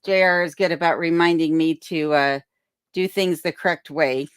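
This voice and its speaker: A woman's voice: deep voice, fairly even intonation, moderate pace, clean tone, no room sound, clean studio sound. A woman hosting a casual livestream, reading viewer comments aloud and thanking people in a chatty way, from her home. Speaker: livestream host. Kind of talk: casual live chat. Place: remote home in Alaska. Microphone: desk microphone on a boom arm.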